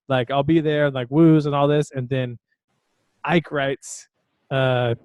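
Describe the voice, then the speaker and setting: A man's voice: mid-range voice, flat delivery, unhurried, darkish tone, no room sound. Guy on a podcast telling a funny story, keeps laughing, says uh a lot, dry close sound. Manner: storytelling with frequent laughs and fillers. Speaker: podcast co-host. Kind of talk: casual chat.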